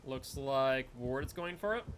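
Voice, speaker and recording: Playing a game live, this man keeps up relaxed commentary and banter with viewers and teammates. His medium-pitched voice is animated at a measured pace, with a little hiss or hum in the audio.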